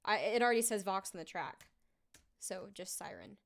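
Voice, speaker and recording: A woman's voice: medium pitch, expressive, normal speed, creaky. A woman singer talking casually on a live stream while recording her vocals, thinking aloud with lots of fillers.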